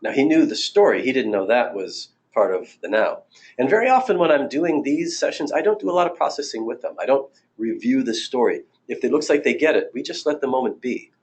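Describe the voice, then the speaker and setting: A man's voice: mid-range voice, lively intonation, brisk. A man in his sixties, a marriage therapist, giving a recorded training talk in a conversational, anecdotal way with fillers and restarts.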